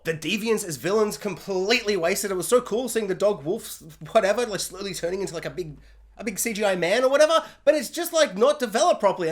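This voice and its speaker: A man giving a casual film ranking monologue, rambling with frequent laughs and restarts, sometimes mock-outraged. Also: sits high. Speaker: film reviewer.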